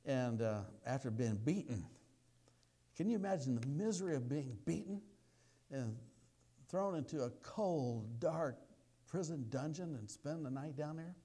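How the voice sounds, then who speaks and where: A man preaching a sermon, telling a story in a folksy way, dropping to quiet asides and rising to loud exclamations. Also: fairly high pitch, lively intonation, a little slow.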